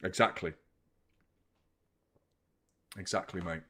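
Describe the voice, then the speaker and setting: A man hosting a live football watchalong, chatting opinions and commenting on play, swearing freely and getting loud at big moments. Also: low voice, steady tone, takes it slowly, slight background noise. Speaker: host of a football fan channel.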